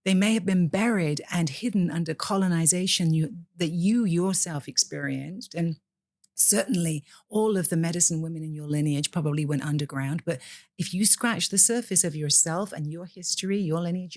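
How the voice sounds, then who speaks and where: A woman's voice: on the low side, moderate pace, a little mellow, no room sound, clean studio sound. A woman from the UK, a priestess guest in a podcast interview, speaking in an impassioned, preacher-like way.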